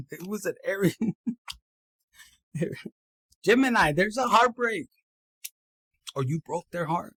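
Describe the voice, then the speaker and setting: High, gravelly man. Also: dry recording, rough recording. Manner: animated, slangy, mixes in Spanish phrases. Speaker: tarot reader. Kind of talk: casual tarot reading to camera.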